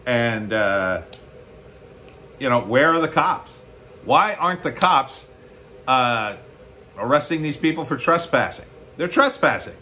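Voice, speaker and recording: Man, American, blunt sarcastic commentary, bright forceful voice, faint background hiss. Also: medium pitch, lively intonation, measured pace, pauses often. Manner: blunt, sarcastic, rising to mocking outbursts. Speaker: political commentary host. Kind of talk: opinionated solo commentary.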